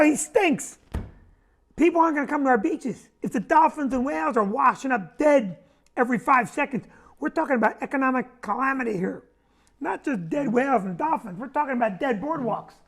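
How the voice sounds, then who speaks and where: A man hosting a comedy talk show, ranting with animated indignation and quick asides. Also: very high-pitched, vocal fry. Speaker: comedian host.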